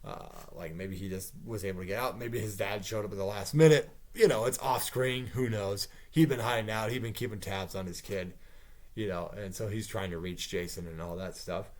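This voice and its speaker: A man talking off the cuff to camera, pitching a movie idea in a rambling way with asides and mild swearing. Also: normal speed. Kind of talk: casual off-the-cuff monologue.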